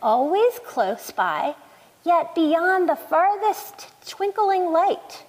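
A woman voicing a wise, gentle old turtle in a storybook reading, speaking slowly and earnestly. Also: extremely high pitch, sing-song, pitched above the performer's own voice, exaggerated voice. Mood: solemn. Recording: long hall reverb.

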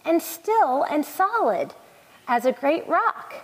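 A woman voicing a wise, gentle old turtle in a storybook reading, speaking slowly and earnestly. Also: high voice, sing-song, voice pushed up, full character voice. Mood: solemn. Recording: long hall reverb.

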